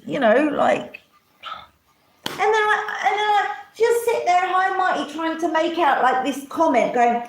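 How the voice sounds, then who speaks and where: Woman live streaming a sweary rambling rant, highish voice, echoey room. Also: sing-song, a little slow, a bit bright. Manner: swears often, mocks others in put-on voices. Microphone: camera mic.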